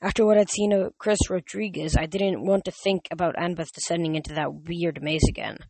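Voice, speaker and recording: A man's voice: fairly high pitch, fairly even intonation, brisk, vocal fry, darkish tone, no echo. A man reading a novel aloud, often stumbling and correcting himself. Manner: frequent slips and self-corrections. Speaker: reader.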